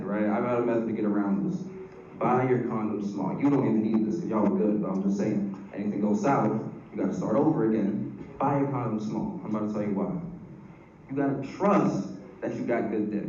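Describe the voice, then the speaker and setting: A man's voice: medium pitch, mellow, a little hiss or hum. A young man from Atlanta, doing a crude live stand-up set and teasing the crowd in a packed club. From Atlanta, Georgia. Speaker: stand-up comedian. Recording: roomy, dull live club audio from far off.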